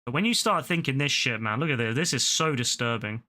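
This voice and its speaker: A man's voice: medium pitch, animated, brisk, sharp tone. A young man streaming casual reaction commentary, rambling with frequent stammered restarts and plenty of swearing.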